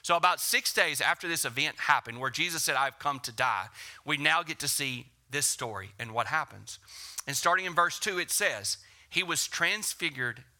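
Male pastor, 30s, bright and slightly high voice, casual storytelling sermon. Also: normal speed. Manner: conversational, animated storytelling with acted quotes and hushed whispers. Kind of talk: sermon with personal stories.

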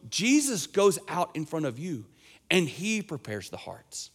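A young man preaching a sermon, earnest and emphatic, his voice swelling and dropping as he makes his points. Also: medium pitch. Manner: earnest, emphatic preaching with wide swings in loudness. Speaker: pastor.

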